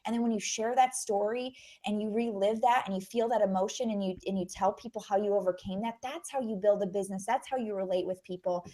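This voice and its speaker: A woman's voice: mid-range voice, steady tone, fast, few pauses, mellow. Chatty upbeat woman hosting a call. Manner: chatty and upbeat, many fillers. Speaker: host. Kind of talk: casual group call introduction.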